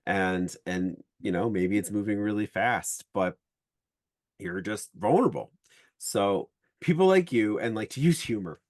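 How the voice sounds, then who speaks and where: A man hosts a podcast in a rather low voice, recorded dry and close. He talks in a loose, rambling way, full of fillers, while he works toward his point. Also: animated, unhurried, no echo. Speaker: podcast host. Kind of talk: casual interview chat.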